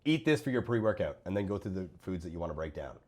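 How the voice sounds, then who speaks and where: A man's voice: sits low, quick pace, a little mellow, breathy edge. A man giving blunt, profane reaction commentary on other creators' fitness videos. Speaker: host reviewing fitness coaches' videos.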